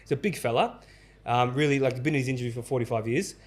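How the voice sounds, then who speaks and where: A man's voice: medium pitch, lively intonation, fast. A man hosting a podcast, telling a story in casual chat, earnest and stumbling over restarts. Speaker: podcast host and barber.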